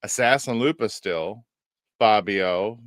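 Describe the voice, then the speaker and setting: Joking podcast host, dry close sound. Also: male voice, on the low side, takes it slowly, fairly bright tone, no room sound. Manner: joking, playful. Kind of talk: casual chat.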